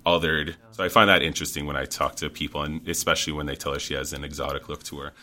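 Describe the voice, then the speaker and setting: A man's voice: rumbling low, level tone, fast, pushed and bright. A man from Canada, a guest in an interview, telling personal stories in a thoughtful conversational way and often checking in with "right?". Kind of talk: conversational storytelling.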